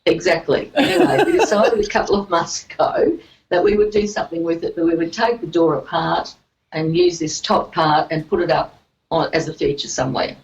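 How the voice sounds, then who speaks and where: A woman's voice: lowish voice, very animated, brisk, poor audio. A woman guest telling a personal story in a casual chat. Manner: storytelling, laughs easily.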